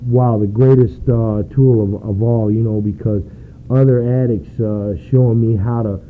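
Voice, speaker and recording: A man's voice: on the low side, steady tone, moderate pace. A man sharing at a recovery meeting, earnest and rambling, filling his talk with "you know". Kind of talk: personal share at a meeting. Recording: tinny phone-like recording with faint noise.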